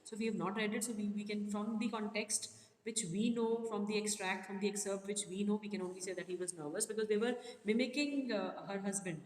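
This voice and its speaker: Teaching a class on an excerpt from a play, this woman poses questions to students and says them again. Her darkish, medium-pitched voice runs a little fast with fairly even intonation, recorded in an echoey space with long reverb and faint noise.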